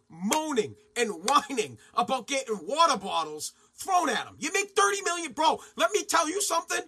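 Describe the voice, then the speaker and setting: A man hosting a profane, mocking sports rant, sometimes shouting and mimicking others. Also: very high voice, sing-song, normal speed, few pauses, slight background noise. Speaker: sports commentary host. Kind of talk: ranting sports commentary.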